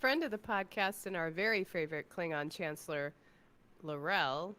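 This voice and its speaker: A woman's voice: lowish voice, moderate pace, fairly bright tone, clear, resonant tone. A woman co-hosting a live podcast, reading news aloud and correcting herself with giggles. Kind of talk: casual live podcast banter.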